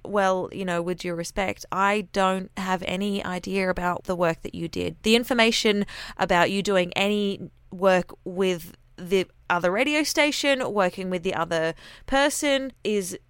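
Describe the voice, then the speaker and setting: Candid Australian woman with a smooth voice. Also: lowish voice, normal speed, a bit bright, no room sound. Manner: chatty, candid, storytelling with slang. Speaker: radio announcer. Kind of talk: casual personal monologue.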